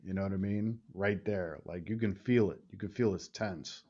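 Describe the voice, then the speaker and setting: A man's voice: sits low, normal speed, darkish tone. A man hosting a casual interview, slangy and loose, often asking "you know what I mean". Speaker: host. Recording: slightly dull audio.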